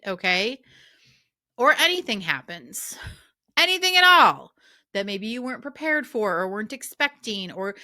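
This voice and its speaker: A middle-aged woman life coach and podcast host, talking casually with chatty asides in a warm coaching tone. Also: medium pitch. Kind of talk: casual solo podcast talk.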